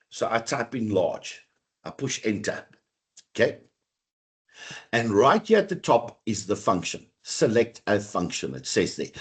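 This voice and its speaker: A man teaching a live online lesson, his voice a little husky and rough at the edges. He swings his pitch widely as he chats and encourages the class, addressing students directly.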